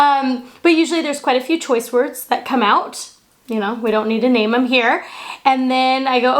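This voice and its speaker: A woman's voice: sits high, moderate pace. A woman co-hosting a casual chat in a small home studio, playful and teasing, laughing often. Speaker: co-host.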